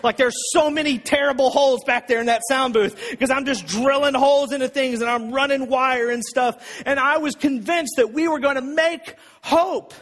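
A man preaching a sermon as pastor, telling a personal story with emphatic, repeated phrases and a husky voice. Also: very high voice, normal speed, few pauses, a bit bright. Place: church sanctuary. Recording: long reverb of a church hall.

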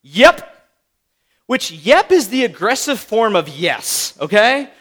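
A man gives a chatty sermon in a high, fairly bright voice, unhurried and with big pitch swings. He frequently tags on "right?" and plays out brief snippets of dialogue in little voices.

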